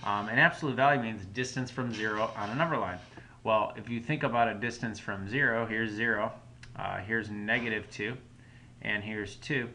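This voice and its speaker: A man's voice: fairly low pitch, moderate pace, sharp tone, a little hiss or hum. A man teaching a recorded math lesson at home, explaining each step patiently in a casual way. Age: adult parent.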